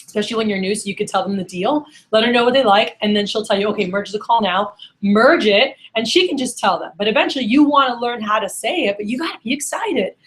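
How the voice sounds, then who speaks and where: A middle-aged woman sales manager giving an energetic sales training workshop and acting out phone conversations. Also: fairly high pitch, fast, hardly any pauses, poor audio. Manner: energetic, acts out phone dialogues.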